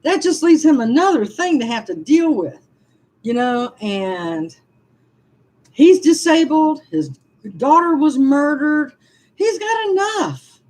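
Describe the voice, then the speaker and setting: A woman's voice: high voice, sing-song, takes it slowly, a little mellow, low-quality recording. A woman, venting frankly to viewers on a casual livestream and answering their comments with laughing asides. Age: 60s. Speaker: livestream vlogger reading comments.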